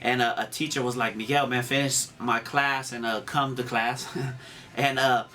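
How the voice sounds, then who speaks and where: Radio DJ, male, relaxed street-slang storyteller, bright, punchy voice. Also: medium pitch, normal speed, a little hiss or hum. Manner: slangy, laid-back street talk. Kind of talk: casual interview storytelling.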